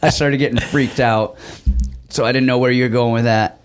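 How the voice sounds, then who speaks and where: A man's voice: medium pitch, fairly even intonation, normal speed, clean tone. A man who hosts a podcast and used to fight, chatting casually and telling rambling, self-deprecating stories with frequent laughs. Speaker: podcast host and former fighter. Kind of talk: casual chat.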